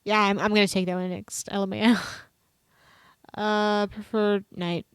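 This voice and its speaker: A woman's voice: mid-range voice, level tone, unhurried, smooth, dry recording. A woman streamer reading online quizzes aloud in a casual, sarcastic way, swearing offhandedly as she goes.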